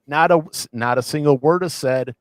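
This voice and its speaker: A man co-hosting a casual podcast, rambling with many restarts as he excitedly retells scenes. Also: on the high side, moderate pace, dry recording. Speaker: podcast co-host. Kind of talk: casual chat.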